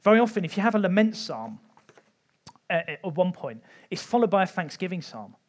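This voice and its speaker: A man giving an informal Bible teaching talk, conversational with light humour and frequent pauses. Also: high voice, very animated. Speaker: church teacher.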